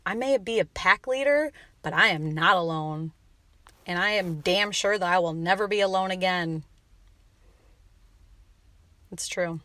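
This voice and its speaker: A woman's voice: mid-range voice, a bit bright, dry recording. A woman hosting a motivational podcast, talking in a passionate, blunt rant with some swearing. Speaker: podcast host and coach.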